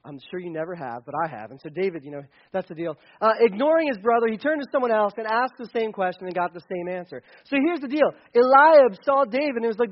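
Chatty preacher guy, pretty high voice, kinda muffled lo-fi recording. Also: lively intonation, fast, few pauses. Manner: chatty, joking, with restarts. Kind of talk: sermon. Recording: dull lo-fi recording.

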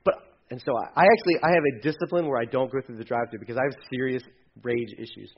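A fairly high-voiced man preaching a lively sermon, playing out little quoted voices as he goes and dropping from loud to hushed. The sound is dull and lo-fi. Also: quick pace, slightly rough. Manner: animated, acts out quoted voices, swings loud and quiet. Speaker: pastor.

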